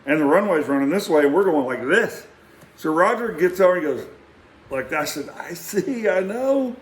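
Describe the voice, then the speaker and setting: A middle-aged man telling a rambling, animated story in a casual way and acting out quotes. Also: fairly high pitch, fairly quick, reverberant. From Texas. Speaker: vlogger.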